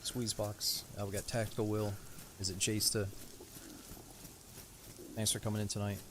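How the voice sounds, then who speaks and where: A man's voice: lowish voice, little pitch movement, normal speed, background noise. A man streaming a game live, chatting casually with viewers and a teammate in an easygoing, rambling way. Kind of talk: casual live-stream chat while playing.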